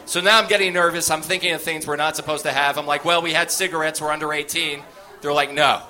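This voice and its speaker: Male stand-up comic, high bright voice, animated storyteller. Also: fast talker. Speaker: stand-up comedian.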